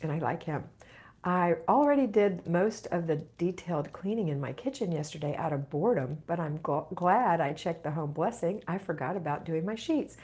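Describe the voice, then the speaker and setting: This middle-aged woman runs a home organizing channel and is hosting a live Q&A, reading viewer comments aloud and answering with chatty encouragement. Her voice is lowish and a little mellow, animated, at a moderate pace.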